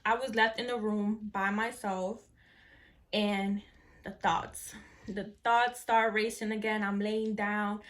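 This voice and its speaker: A young adult woman vlogger tells a personal story to the camera in a medium-pitched, level voice, taking her time. She's chatty, says "like" a lot, swears some, and treats viewers as friends; the mic sits at a distance.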